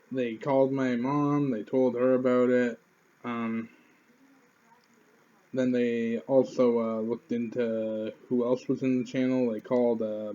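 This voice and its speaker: A man's voice: mid-range voice, warm tone, muffled recording. A man in his twenties, a YouTuber, telling a rambling, profane story to the camera in an offhand way.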